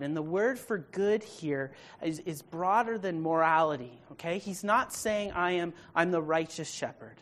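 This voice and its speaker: A woman leading an evening Bible study, speaking emphatically, checking in with her listeners by asking questions, and rising to a loud, forceful pitch when she reads scripture aloud. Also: expressive, moderate pace, few pauses. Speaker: Bible teacher.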